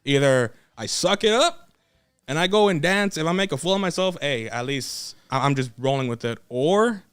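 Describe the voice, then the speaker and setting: A young man, a wrestler, telling a story in a casual podcast chat, animated and laughing often, acting out what others said. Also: on the high side, moderate pace, clean tone.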